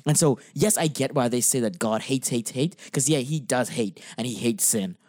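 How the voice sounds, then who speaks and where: An earnest man who preaches, chatting about his beliefs with real conviction. He lands his points with emphasis in a middle-pitched voice. The room sound is dry and close. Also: moderate pace, darkish tone, no room sound. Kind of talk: casual faith discussion.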